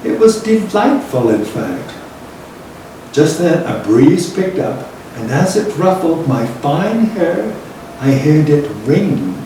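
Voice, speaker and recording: Older scouse guy spinning a slow story, mellow tone, heard from far off in a big echoey room. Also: fairly high pitch, big pitch swings. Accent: Liverpool. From England. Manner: slow, reflective, laughs between lines. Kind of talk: storytelling reminiscence. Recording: roomy and distant with faint noise.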